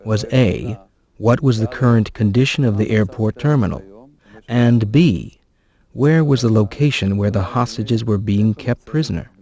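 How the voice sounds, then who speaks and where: A man's voice: on the low side, moderate pace, mellow. A man in an interview laying out points methodically.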